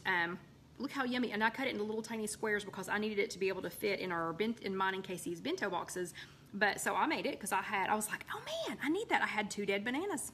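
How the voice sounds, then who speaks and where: A woman's voice: medium pitch, fairly bright tone, a little hiss or hum. A woman hosting a live recipe chat from her home, rambling casually with lots of ums and greeting viewers by name.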